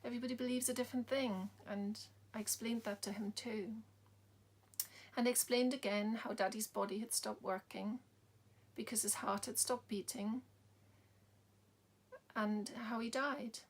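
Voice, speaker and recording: Soft-spoken woman telling her story. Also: a little high, steady tone, a little slow, pauses often. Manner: soft-spoken, drops to whispers. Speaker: bereaved mother. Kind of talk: personal storytelling talk.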